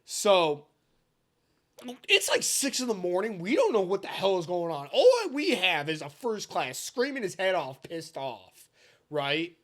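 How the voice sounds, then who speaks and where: Telling a swear-filled story on a casual podcast he co-hosts, this man in his twenties sometimes erupts into loud, shouted impressions. His slightly high voice swoops wildly up and down, and he speaks a little slowly.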